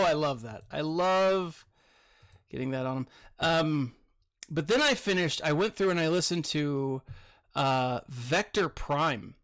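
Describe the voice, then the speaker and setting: Man, teacher, casual game commentary, rambling, lots of fillers, a bit tired, slightly high voice. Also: fairly bright tone. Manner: rambling, filler-heavy, chatty. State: a little tired.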